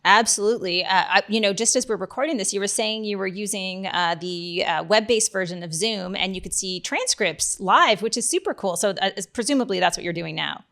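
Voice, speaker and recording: A woman's voice: mid-range voice, fairly quick, creaky, hardly any pauses, a bit bright. A woman hosts a casual interview in an easy, friendly way. She laughs readily and steers the talk with open questions. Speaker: host.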